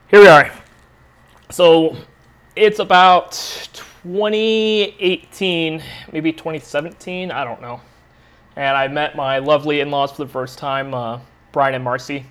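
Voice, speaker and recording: A man's voice: fairly high pitch, slow, long pauses, fairly bright tone, clean tone. A young adult man hosting a podcast, telling a rambling, profane story in a casual, laid-back way. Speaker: podcast host.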